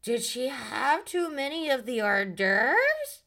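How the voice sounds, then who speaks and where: A woman doing an impression of a tipsy reality TV woman who slurs her words slowly. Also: low-pitched, creaky, sharp tone, pitched below the performer's own voice, exaggerated voice. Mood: slurring. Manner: slurred, slow, sing-song.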